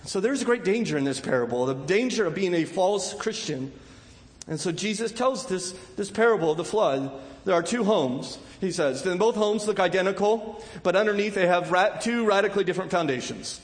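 A man preaching a sermon as pastor, impassioned and building to loud emphatic peaks, often repeating words as he restarts. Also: sits high, moderate pace, in a large hall.

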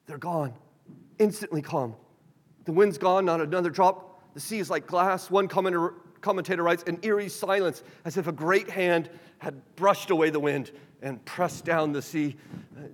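A man preaching a sermon in a church, animated, shifting his pace and loudness. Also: fairly high pitch. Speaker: pastor. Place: church sanctuary. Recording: reverberant hall.

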